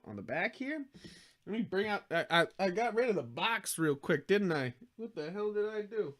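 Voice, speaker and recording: A man's voice: sits high, very animated, normal speed. A tired man hosting a casual livestream, rambling and jokey, swearing freely and slipping into silly accents. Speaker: livestream host building model kits.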